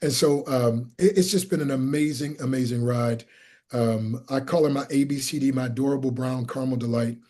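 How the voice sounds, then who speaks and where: Husky-voiced animated storyteller man. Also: a little fast. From Pennsylvania. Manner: animated, acts out quoted people with big pitch jumps. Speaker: guest, motivational speaker and evangelist. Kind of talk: storytelling in an interview.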